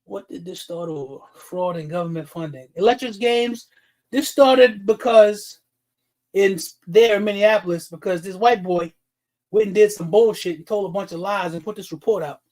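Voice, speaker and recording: A man's voice: high voice, normal speed, a little mellow, low-quality recording. A man hosting a livestream, ranting bluntly and heatedly with heavy profanity and calling out viewers in chat by name. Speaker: livestream host. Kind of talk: livestream commentary rant.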